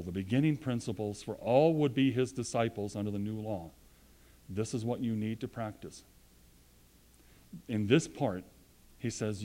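A man preaching a sermon with earnest emphasis, rising to loud points and dropping to quiet, low asides.

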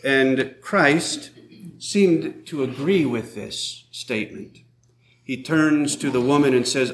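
A man preaching a sermon as a priest, in a slow, measured way, reading scripture aloud. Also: medium pitch, roomy sound, a little hiss or hum.

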